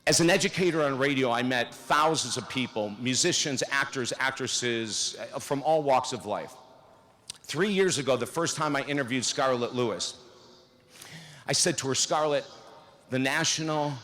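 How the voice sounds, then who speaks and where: A man delivers a motivational commencement speech in a large hall. He tells stories with dramatic swings between upbeat energy and hushed moments. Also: mid-range voice, moderate pace. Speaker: commencement speaker.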